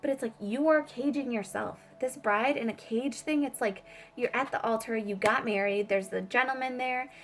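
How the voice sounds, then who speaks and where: A woman's voice: a little high, moderate pace, a bit bright. A woman giving a casual spiritual tarot reading, rambling with many fillers and swearing freely. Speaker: tarot reader.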